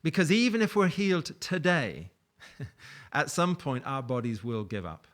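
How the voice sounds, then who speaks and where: A man's voice: a little high, very animated, measured pace, fairly bright tone. A man preaching a sermon in a conversational, storytelling way, with light laughs. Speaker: pastor.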